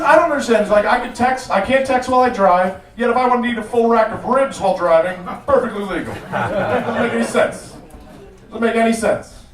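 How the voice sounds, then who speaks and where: A man performing a stand-up comedy set with a punchy, animated delivery on a live club stage. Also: sits high. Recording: roomy club sound, mic at a distance. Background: audience laughter.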